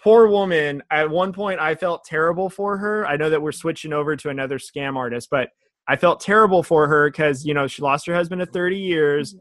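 A man's voice: a little high, a little fast, fairly bright tone, no echo. A man co-hosting a casual chat, laughing often and acting out quotes. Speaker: podcast co-host.

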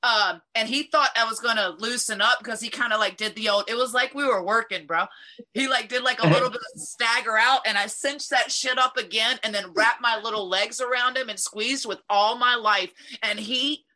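A woman in casual chat, telling a fight story in an animated, profane way. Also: on the high side, moderate pace.

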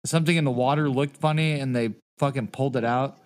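A man's voice: medium pitch, steady tone, fast talker. A man co-hosting a podcast in loose, rambling casual chat, swearing a lot and laughing often. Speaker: podcast co-host.

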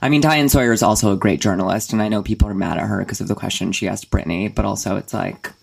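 A woman's voice: rumbling low, quick pace, creaky, breathy edge. A young woman co-hosting a podcast from a bedroom, chatting casually, rambling and swearing with frequent laughs. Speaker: podcast co-host. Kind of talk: casual chat. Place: home bedroom with a radiator.

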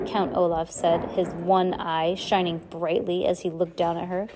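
A woman's voice: lowish voice, measured pace, hardly any pauses. Woman casually reading a novel aloud. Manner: relaxed, stumbles and chats between passages. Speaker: reader.

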